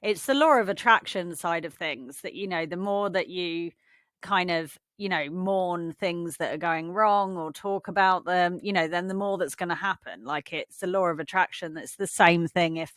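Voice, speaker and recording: A woman co-hosting a casual podcast, her voice lower than most and recorded very dry. She explains things calmly and reflectively, with plenty of "you know"s and "like"s. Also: normal speed, no echo. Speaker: podcast co-host. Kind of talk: casual chat.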